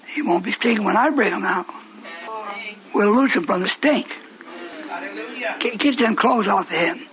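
A man preaching a sermon with passion, swinging from shouts down to whispers and rhetorical questions. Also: sits high, slight background noise, poor audio.

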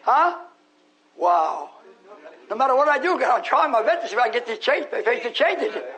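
Man, very high voice, sharp tone, scolding sermon, shouts now and then. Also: animated, a little fast, rough recording. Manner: scolding, preachy, rising to shouts. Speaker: pastor.

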